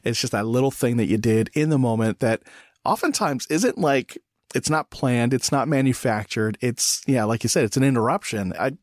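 A man's voice: mid-range voice, animated, dry recording, studio quality. A man hosting a casual podcast conversation, speaking reflectively and often restarting his sentences. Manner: reflective, halting with frequent restarts. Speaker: podcast host.

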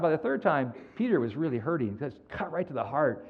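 Man preaching, lively rising and falling voice, somewhat high, lo-fi sound. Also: quick pace, few pauses, husky. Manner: animated storytelling, acts out quoted dialogue. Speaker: pastor. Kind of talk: sermon.

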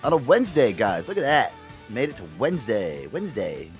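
Hoarse, animated American male host. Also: mid-range voice, fairly quick, music in the background. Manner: animated, laughing often. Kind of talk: casual talk show banter.

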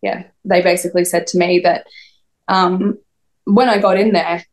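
On a podcast, a young woman recounts a personal story to her interviewer, rambling, saying "like" constantly, and quoting other people. Her voice is lowish with little pitch movement, at a normal speed.

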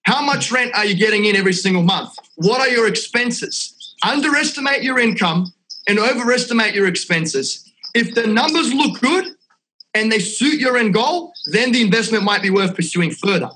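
An Australian man talking as a podcast guest, energetic and salesy, dropping "mate" and "right?" all through his talk. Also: sits high, normal speed, slight background noise, rough recording. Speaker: real estate investment company owner, podcast guest. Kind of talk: casual podcast chat.

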